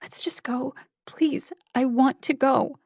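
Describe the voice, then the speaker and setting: A woman's voice: high-pitched, fairly even intonation, slow, darkish tone, no echo, pitched above the performer's own voice, exaggerated voice. A woman voicing a frightened young female student who pleads in a tearful whisper. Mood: pleading.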